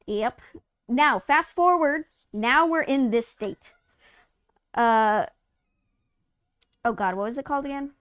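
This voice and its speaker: Brief: woman, high voice, live-stream co-host, furious profane rant, dry close sound. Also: slow, pauses often, fairly bright tone, clean tone, dry recording. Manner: heated, profane ranting; exasperated rhetorical questions. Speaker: co-host of a live gaming news show. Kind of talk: casual live-stream chat.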